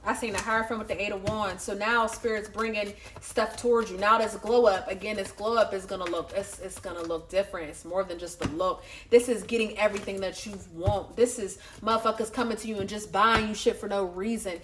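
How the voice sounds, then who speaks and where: A woman giving a casual tarot reading to her viewers, excitable, swearing freely and laughing often. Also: mid-range voice, a little fast, few pauses, slight background noise. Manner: excitable, profane, talks straight to viewers. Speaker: tarot reader.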